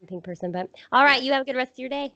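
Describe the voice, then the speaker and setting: A woman's voice: sits high, racing, vocal fry, pushed and bright, lo-fi sound. A woman hosting a podcast, chatting casually in a bubbly, giggly way. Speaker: podcast host.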